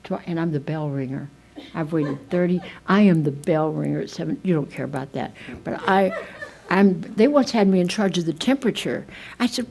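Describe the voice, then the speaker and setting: Older woman, speaker at a recovery meeting: lowish voice, rambling, self-deprecating storyteller. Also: normal speed, gravelly, warm tone, poor audio. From United States. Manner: chatty, self-mocking storyteller with many restarts. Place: meeting room.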